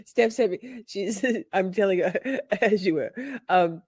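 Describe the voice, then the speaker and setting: A woman's voice: mid-range voice, a little slow, a little mellow, husky, dry recording. A woman hosting a casual livestream, chatting with playful mock outrage and frequent laughter. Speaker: livestream host.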